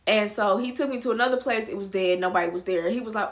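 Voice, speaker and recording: A young woman telling a storytime vlog in a casual, profane, animated way, acting out her own quotes loudly. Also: medium pitch, fairly quick, hardly any pauses. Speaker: vlogger.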